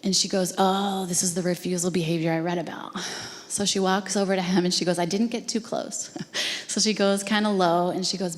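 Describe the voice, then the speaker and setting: A woman's voice: lowish voice, little pitch movement, fairly quick. A woman telling an earnest, emotional story to a live audience at an education talk. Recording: long hall reverb.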